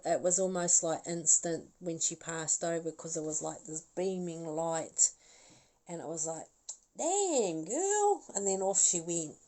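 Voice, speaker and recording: A woman's voice: fairly low pitch, mellow, low-quality recording. A woman doing a live psychic reading as a medium. She talks in a chatty, rambling way, laughs often and keeps apologizing.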